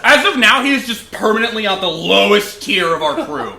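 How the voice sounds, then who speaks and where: A young man, a podcast co-host, chatting casually about games, excitable and profane, acting out voices in his stories. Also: sits high, fairly quick, creaky, roomy sound, over a noisy crowd. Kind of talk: casual gaming chat.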